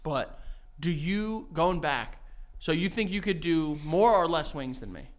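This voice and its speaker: A young man co-hosting a podcast in casual chat, animated and jokey, laughing often. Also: on the high side, a little slow. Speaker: podcast co-host.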